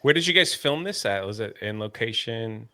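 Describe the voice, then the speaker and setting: A man's voice: on the low side, expressive, normal speed, sharp tone, dry recording, studio quality. A man on a movie panel asking a guest short, curious questions. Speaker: panel host. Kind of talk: interview question.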